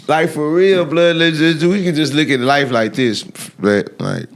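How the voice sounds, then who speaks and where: A man, guest on a podcast interview, talking in a brash, animated way with loud bursts of laughter. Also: fairly high pitch, slow, creaky. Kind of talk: casual interview talk.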